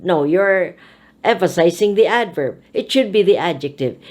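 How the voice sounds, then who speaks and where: A woman speech teacher giving a pronunciation lesson, saying each phrase slowly and deliberately and repeating it twice. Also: mid-range voice, expressive, darkish tone.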